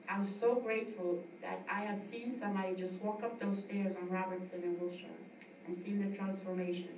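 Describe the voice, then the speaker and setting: A middle-aged woman from the US East Coast, a yoga school founder giving a heartfelt, rambling tribute speech with frequent restarts. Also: fairly low pitch. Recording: echoey room, distant mic, noisy.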